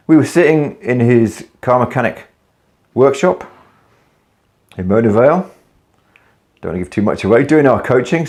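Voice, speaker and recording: A man's voice: mid-range voice, darkish tone. A man, a business coach telling a story to camera in a casual, blunt way with some swearing. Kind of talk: casual video talk to camera.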